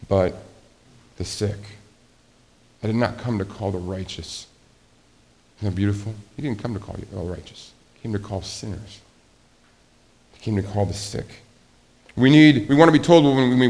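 A man preaching a sermon as pastor, speaking conversationally, asking the congregation questions and acting out quoted voices. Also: mid-range voice.

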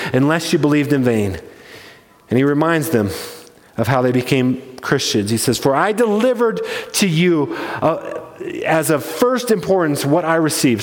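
Guy preaching in a church, kinda high voice, leans hard on the big points, lots of hall echo. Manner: emphatic, slows down to stress key points. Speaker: pastor. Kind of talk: sermon.

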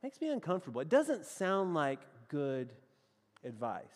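In a slightly high voice and at a moderate pace, a Southern-accented pastor animatedly shares a personal story from the pulpit. He calls the listeners his friends, and the recording has a big-room sound.

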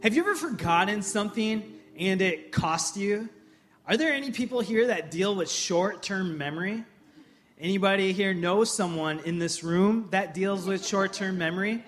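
A man in his thirties preaching a sermon in church, telling funny personal stories and then acting out scenes with loud, impassioned energy. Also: high voice. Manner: humorous storytelling, builds to loud impassioned acting-out. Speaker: pastor.

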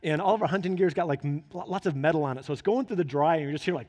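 A man with a notably high voice preaches from the pulpit of a church. He moves from relaxed storytelling to fervent, urgent exhortation. His words ring out with a long hall reverb around them. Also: fast talker, hardly any pauses. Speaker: pastor. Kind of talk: sermon.

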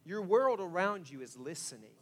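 A man preaching a sermon as pastor, telling stories in an animated way that swings from hushed asides to loud exclamations. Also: high-pitched, normal speed.

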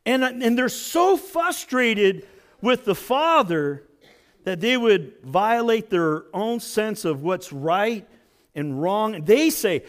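A man preaching a sermon as pastor, dramatic, swinging between loud emphasis and hushed lines. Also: extremely high pitch, expressive, slow pace.

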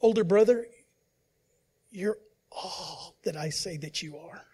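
A man preaching as a pastor, who swings between loud emphasis and quiet, hushed asides and acts out the voices he quotes. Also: high voice, takes it slowly, breathy edge. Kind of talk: sermon.

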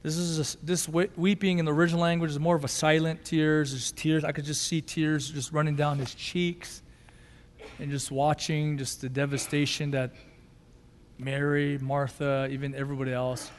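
A male pastor preaching a sermon with emotion, going from loud, intense passages to quiet, soft ones. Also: on the high side, level tone, normal speed, long reverb tail, slight background noise.

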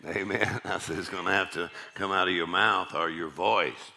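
Deep-voiced man preaching emphatically. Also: fairly even intonation, normal speed, vocal fry, bright, forceful tone. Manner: emphatic, repeats key lines, calls "amen" to the congregation. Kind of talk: sermon.

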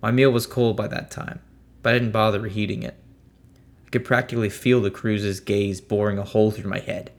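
A man narrating a first-person story in a steady, measured way. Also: on the low side. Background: faint music.

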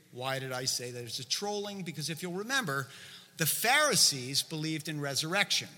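A man's voice: fairly high pitch, very animated, moderate pace, sharp tone. A male preacher giving a sermon, conversational and explanatory, full of asides to the congregation, recorded with long hall reverb.

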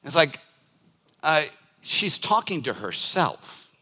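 A man's voice: fairly high pitch, very animated, slow pace, sharp tone, breathy edge. An older man preaching a sermon as a pastor, telling stories and acting out everyday scenes. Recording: long reverb of a large hall.

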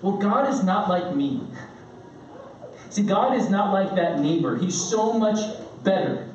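A man in his thirties preaching a sermon, telling family stories with lively, animated delivery and playful impressions of his kids. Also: high-pitched, measured pace. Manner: animated storytelling, acting out his kids' shouts. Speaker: pastor. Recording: roomy, distant, dull sound with faint room noise.

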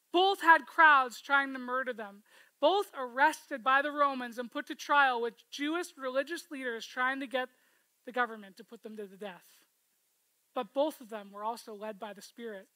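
A woman preaching a sermon in a high, bright voice. She retells the scripture story expressively, often asking listeners to imagine themselves in it. The sound is dry and close. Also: no echo, rough recording.

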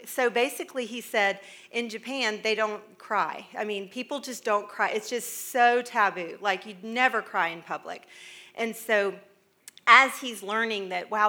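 Bright-voiced chatty middle-aged American woman. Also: mid-range voice. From United States. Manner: chatty and rambling, with frequent laughs and asides. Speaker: speaker addressing a live audience. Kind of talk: casual humorous talk to an audience.

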